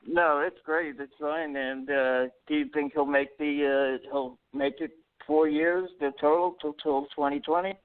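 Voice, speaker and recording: A man host easing into a question with hesitant pauses and fillers, his smooth, fairly high voice coming through a thin, tinny phone line. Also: steady tone. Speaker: show host. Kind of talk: casual interview chat.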